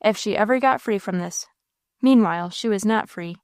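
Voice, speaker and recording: A woman narrates a classic novel in a measured, expressive way. Her voice sits at a middling pitch, and the recording is dry and close, with no room sound. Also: clean tone, no room sound. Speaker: audiobook narrator. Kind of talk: scripted narration.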